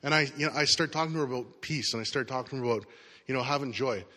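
This middle-aged pastor races through a sermon, sharing a personal story casually and conversationally. His medium-pitched voice sounds pushed and bright, echoing with a long hall reverb.

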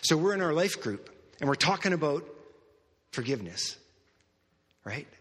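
Preacher guy telling a story in a sermon, bright forceful voice, bit husky, earnest, goes soft then loud. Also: fairly high pitch, very animated, moderate pace, long reverb tail. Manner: earnest, repeats words, swings from soft to loud. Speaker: pastor.

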